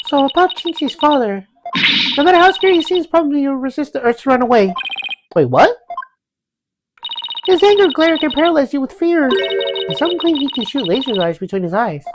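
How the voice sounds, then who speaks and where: Woman playing a chirpy teen girl, high. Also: very animated, normal speed, pauses often. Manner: chirpy, teasing. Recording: loud game music behind.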